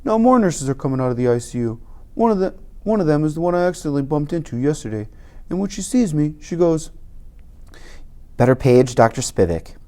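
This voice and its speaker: An audiobook reader narrating a novel in the first person with real energy. The voice swings widely in pitch and pushes hard on the action. The tone stays mellow and dark. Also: fast. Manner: animated, emphatic storytelling.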